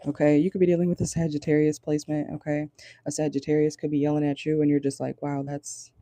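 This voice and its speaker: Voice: mid-range voice, little pitch movement, fast talker, mellow, no echo. A tarot reader giving a casual channeled reading from a car, talking bluntly, swearing and laughing often. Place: parked car.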